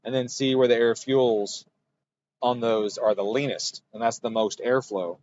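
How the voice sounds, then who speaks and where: A man's voice: mid-range voice, fairly even intonation, a little slow, a little mellow. Guy rambling thru a dyno tune on stream, kinda muffled audio, light noise. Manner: thinks aloud, rambling, self-correcting. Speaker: engine tuner streaming a dyno session. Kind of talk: casual technical livestream talk.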